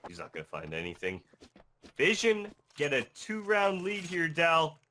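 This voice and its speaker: Passionate low-voiced male esports commentator. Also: sharp tone, slight background noise. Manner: passionate, opinionated. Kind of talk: match commentary.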